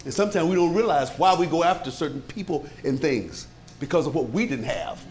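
A pastor preaching to his congregation in a lively, conversational way, with many rhetorical questions and frequent chuckles. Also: fairly high pitch, brisk. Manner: chuckles often. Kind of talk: sermon.

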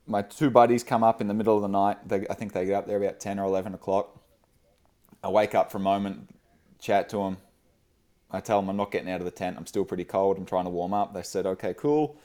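Low, dark-voiced man telling a story. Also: level tone, quick pace. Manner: rambling, with fillers and frequent laughs. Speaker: podcast guest. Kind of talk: casual storytelling.

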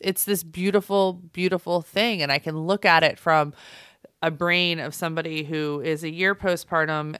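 A woman in her thirties talks candidly on a podcast, her thoughts spilling out with plenty of "like" fillers. Her voice sits low in pitch. The recording is dry and close, with no room around it. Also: a bit bright, clean tone, no room sound. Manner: candid, rambling with many "like" fillers. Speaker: podcast co-host. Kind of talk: casual podcast chat.

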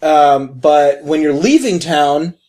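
A man's voice: fairly high pitch, lively intonation, slow, dark tone. A man in casual chat, joking crudely and explaining a driving story in detail.

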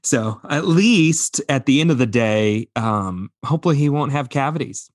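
A man's voice: medium pitch, normal speed, no echo, clean studio sound. A man in his thirties co-hosting a podcast, chatting casually and acting out voices as he tells stories with plenty of laughs. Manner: animated storyteller, acts out voices, laughs often. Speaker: podcast co-host. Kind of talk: casual chat.

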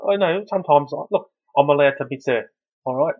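Guy doing a blustery crude dad, stumbles over words, a bit high, muffled sound. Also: brisk. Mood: blustering. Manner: blustering, stammering repeats.

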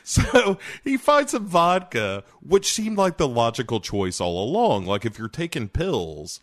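A man riffing on a movie in casual podcast banter. His pitch swings widely as he talks. He swears freely and laughs a lot. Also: a little slow. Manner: animated, profane, laughs often. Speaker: podcast co-host.

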